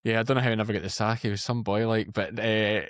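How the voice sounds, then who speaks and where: A man in his thirties with a Scottish accent, a podcast guest telling lively, blunt stories in casual chat. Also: fairly low pitch, fast talker, no room sound. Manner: storytelling, animated and blunt. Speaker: podcast guest, farmer and former police officer.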